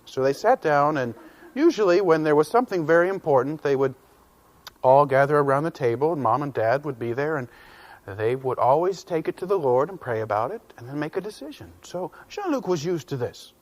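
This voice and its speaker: A man telling a children's story in an animated, folksy way, with asides to the listeners. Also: on the high side, a little fast.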